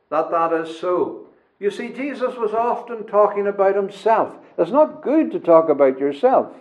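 A man delivering a sermon at an unhurried pace, weighing each phrase with pauses and emphasis. His voice sits high for a man. The recording is dull and lo-fi. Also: a little mellow. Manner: measured, emphatic preaching with deliberate pauses. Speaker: preacher.

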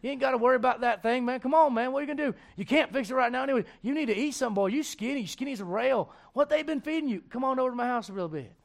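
A man's voice: very high voice, very fast, vocal fry, few pauses, pitched above the performer's own voice. A man voicing a folksy, hospitable Southern farmer in a put-on Southern US accent, coaxing and chummy.

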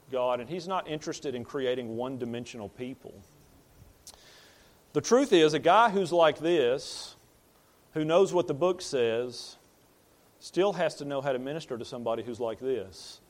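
A man's voice: medium pitch, moderate pace. Plain-spoken man preaching a sermon. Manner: plain-spoken, repeats words and restarts while building a point. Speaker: pastor. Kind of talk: conversational sermon.

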